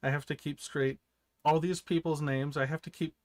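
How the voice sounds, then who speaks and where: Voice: medium pitch, fairly even intonation, moderate pace, a little mellow, no echo. Hesitant, stammering book chatter, dry sound. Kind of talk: casual chat about books.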